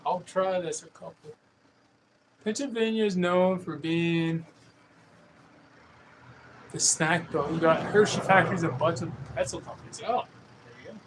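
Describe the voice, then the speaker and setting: A man's voice: high-pitched, measured pace, long pauses. A man streaming himself at a pottery wheel, chatting with viewers in a rambling, hesitant way full of fillers and restarts. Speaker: pottery livestreamer. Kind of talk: casual chat with live chat while throwing pottery. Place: pottery studio with a wheel running. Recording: distant mic with faint room noise.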